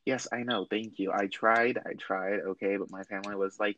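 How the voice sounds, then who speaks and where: A man's voice: lowish voice, moderate pace, few pauses, a little hiss or hum, rough recording. A young man telling a story to friends in casual chat, acting out the people he quotes. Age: young adult. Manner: animated, acts out quoted voices.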